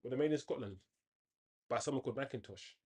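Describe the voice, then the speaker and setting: Casting note: male streamer, casual live match chat, rambling asides, sudden loud outbursts at the game, mid-pitched everyday voice. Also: quick pace, husky. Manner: chatty, reacts loudly to the game, rambling tangents. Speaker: host of a football watchalong.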